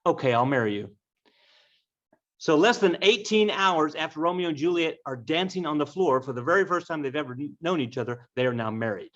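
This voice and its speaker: A man's voice: on the high side, fairly quick, hardly any pauses. A man teaching a class by retelling a story with jokes, speaking directly to the students. The recording sounds dull and lo-fi. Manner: joking, lively, addresses class directly. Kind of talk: humorous storytelling lesson.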